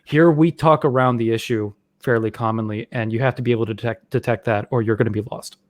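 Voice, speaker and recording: A man's voice: medium pitch, steady tone, fast, no echo. A man from Atlanta, telling stories hesitantly with many fillers in a casual video call chat. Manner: hesitant, filler-heavy storytelling.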